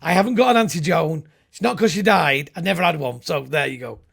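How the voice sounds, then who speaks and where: A middle-aged man with a very gravelly, husky voice and a slightly high pitch, chatting as a comedian guest. He rambles through jokey stories and slips into little comic voices. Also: a little fast, fairly bright tone. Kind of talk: casual chat.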